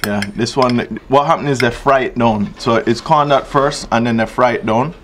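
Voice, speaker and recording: A Jamaican man talks through each dish in an easy, patient way, his voice at an ordinary middle pitch. Faint clatter of dishes and cutlery sits under his voice at the table. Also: normal speed, a little hiss or hum. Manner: explains dishes patiently, says "yeah, man" often. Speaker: food vlog host. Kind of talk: casual food chat.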